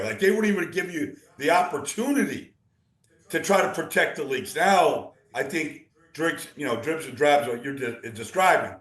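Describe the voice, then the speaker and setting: A man talking as a football analyst guest, rambling and animated, with many restarts. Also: on the high side, normal speed, echoey room, rough recording. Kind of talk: casual sports talk.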